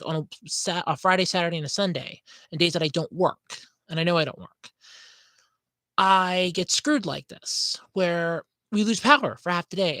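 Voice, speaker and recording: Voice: mid-range voice, a bit bright, no room sound. Rambling, scatterbrained podcast host, dry sound. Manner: apologetic, frustrated rant. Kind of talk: casual livestream chat.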